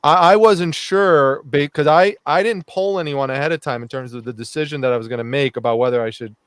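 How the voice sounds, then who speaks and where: A man, a reseller who makes videos, tells a story on a live show. His voice is smooth and fairly high, and the sound is dry. He talks reflectively, with many uh's. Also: a little fast, fairly bright tone, no room sound. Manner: reflective, with frequent uh and um. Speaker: reseller YouTuber guest. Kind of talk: casual storytelling.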